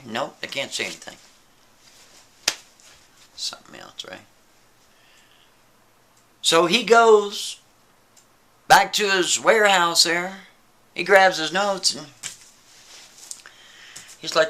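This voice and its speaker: A man telling a story in a casual, animated way, often turning to the listener with quick asides. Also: sits high.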